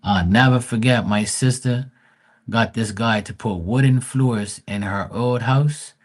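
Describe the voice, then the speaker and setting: A man's voice: fairly low pitch, measured pace. A man, giving blunt, profane advice on a casual livestream. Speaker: live tarot reader.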